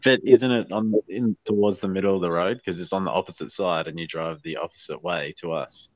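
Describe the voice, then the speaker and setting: A man with an Australian accent, chatting as an easygoing guest who laughs often. His voice is very low and deep, and the sound is dry and close to the mic. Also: steady tone, brisk, a little mellow, dry recording, rough recording. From Melbourne, Australia. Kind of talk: casual chat.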